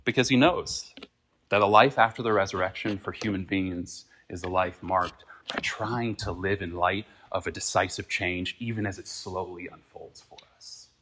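A man with a fairly low voice preaches a sermon in church. He is earnest, rising to emphatic peaks and then dropping to quiet, reflective passages. Faint noise sits under the recording. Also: normal speed. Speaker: pastor.

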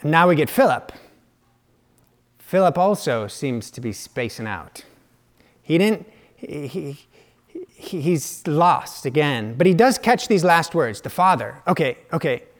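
A male preacher delivers a sermon at a slow, unhurried pace. His voice sits a bit high for a man, and he is reflective, sometimes dropping to quiet asides. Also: sing-song.

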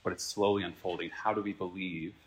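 A man preaching a sermon as pastor, earnest and reflective, swinging from emphatic peaks to quiet asides. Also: deep voice, fairly even intonation, brisk, slightly rough. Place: church.

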